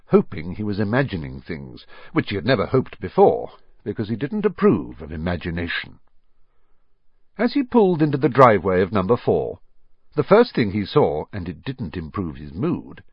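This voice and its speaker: A man narrating an audiobook in an expressive storytelling manner, varying his pace and volume. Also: fairly low pitch, breathy edge, dry recording, dull audio. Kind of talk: scripted narration.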